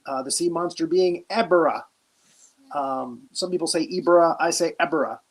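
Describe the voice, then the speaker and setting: A man playing a retired army general who briefs cadets, hosting in a halting, mock-official way with many pauses. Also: on the high side. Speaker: host. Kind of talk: improvised comedy character.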